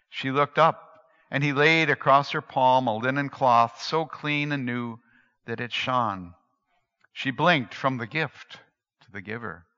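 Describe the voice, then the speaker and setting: Man, dramatic storytelling, bright forceful tone, expressive hushed-to-emphatic delivery, long hall echo. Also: mid-range voice. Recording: dull lo-fi recording in a reverberant hall.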